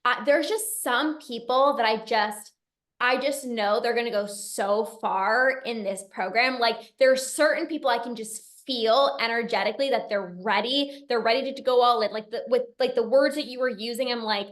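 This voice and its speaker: A woman's voice: a little high, normal speed, fairly bright tone. A woman nutrition coach hosting, speaking in an emphatic, affirming way to her client. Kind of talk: encouraging coaching talk.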